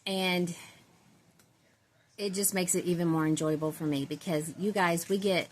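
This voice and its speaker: Chatty woman, low voice. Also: steady tone, moderate pace, a little hiss or hum. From Central Texas. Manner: rambling, chatty, laughs often, self-described country girl. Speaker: doll-collecting vlogger. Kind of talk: casual chat to viewers.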